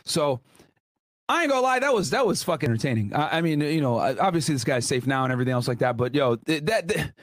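A young man hosting casual reaction commentary, loud and slangy, laughing and swearing often. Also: on the high side, sing-song, fast talker, dry recording. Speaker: commentary host.

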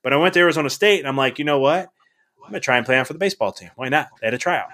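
Male guest, middle-aged, quick and bright, animated storyteller who acts out the dialogue. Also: medium pitch. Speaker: podcast guest. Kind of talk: casual storytelling.

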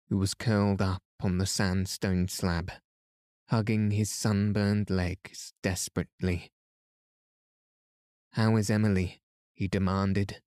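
A man calmly reading a classic novel aloud as a bedtime story for a sleep podcast, soothing and unhurried. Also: low-pitched, no echo, studio quality. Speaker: podcast narrator.

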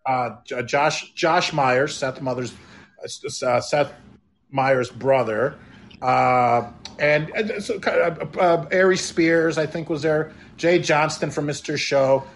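A male guest chatting casually, telling stories with frequent restarts and stumbles. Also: a little high. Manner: halting, many restarts when telling stories. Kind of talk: casual chat.

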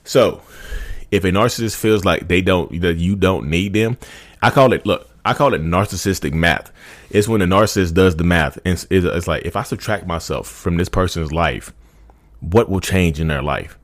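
A man's voice: deep voice, moderate pace. A man talking straight to his viewers in a casual, informal way, often restarting and repeating his phrases. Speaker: vlogger speaking about narcissism. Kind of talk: casual direct-to-camera talk.

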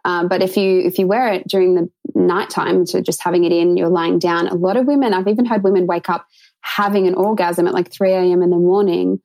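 A woman's voice: on the low side, steady tone, a little fast, vocal fry, a little mellow, low-quality recording. A woman intimacy coach, a guest on a podcast, talking earnestly and at length in a casual, flowing way with many fillers. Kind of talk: casual interview talk.

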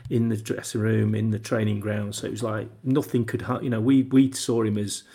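A man with a gravelly, creaky voice talks casually in an interview. He tells stories as a former footballer, looping back, restarting and acting out what people said. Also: on the low side, little pitch movement, a little fast, mellow. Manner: rambling, with many restarts and acted-out quotes. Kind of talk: casual anecdotal interview talk.

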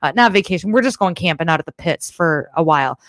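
A woman's voice: on the low side, animated, fast talker, a bit bright, no echo. A woman hosting a casual livestream show, chatting bluntly with viewers, swearing freely, and rambling through asides from her home setup. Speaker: podcast host.

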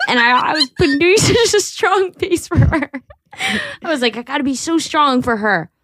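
A young woman hosting a podcast, telling a story in a casual, animated way, acting out quotes and laughing often. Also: high-pitched, moderate pace. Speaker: podcast host.

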